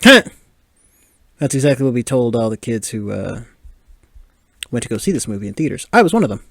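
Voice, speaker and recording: A man's voice: medium pitch, sing-song, fairly quick, fairly bright tone, no room sound, clean studio sound. A man in his twenties hosting a podcast, giving casual movie commentary with lots of laughs and filler words. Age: 20s. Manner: chatty, laughing, filler-heavy. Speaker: podcast host.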